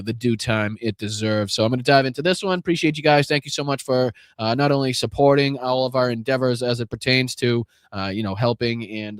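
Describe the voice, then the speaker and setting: A man's voice: mid-range voice, no room sound, clean studio sound. A man with a Boston accent hosting a live political podcast, talking bluntly and profanely with lots of fillers and restarts.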